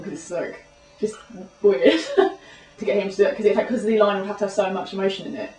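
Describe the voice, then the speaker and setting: A woman's voice: medium pitch, fast talker, few pauses, darkish tone, soft background music. A young woman, a student, chatting casually and rambling nervously with many restarts. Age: young adult. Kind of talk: casual chat. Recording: echoey room, mic far off.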